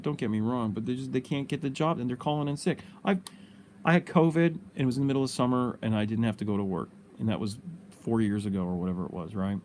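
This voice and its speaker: A man's voice: mid-range voice, warm tone, a little hiss or hum. A middle-aged man hosting a casual livestream, rambling and swearing freely, with lots of "you know". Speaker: livestream host.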